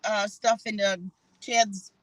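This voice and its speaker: A man's voice: high-pitched, little pitch movement, slow, fairly bright tone, no room sound, low-quality recording. A man relaying viewer comments on a livestream, talking hesitantly with fillers. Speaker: co-streamer reading chat.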